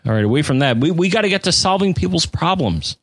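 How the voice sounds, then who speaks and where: Male co-host, casual and jokey, animated pitch, dry close mic. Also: fast talker, husky, no room sound. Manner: jokey, rambling, lots of restarts. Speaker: podcast co-host. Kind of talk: casual chat.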